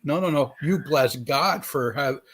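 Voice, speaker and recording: Joking male co-host from Canada, casual, quick to laugh, mid-pitched voice. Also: fairly bright tone, slightly rough. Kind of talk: casual chat.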